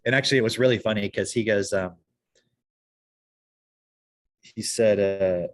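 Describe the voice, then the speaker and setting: A man's voice: lowish voice, a little slow. A man chatting casually on a podcast, telling stories in a rambling way with many restarts. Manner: rambling anecdotal storyteller, frequent restarts. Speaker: podcast co-host.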